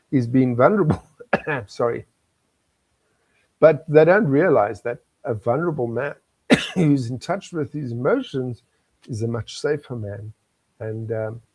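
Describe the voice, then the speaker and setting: Gravelly older South African man. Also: mid-range voice, a little mellow, no echo, rough recording. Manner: earnest, storytelling, chuckles often. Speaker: guest. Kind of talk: candid interview talk.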